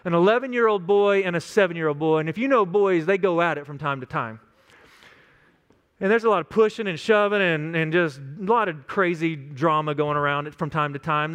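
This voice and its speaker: A man in his thirties delivers a sermon with an earnest, pastoral manner, now and then slipping into small acted-out quotes. His voice sits high and sounds smooth and resonant. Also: a little fast, a bit bright.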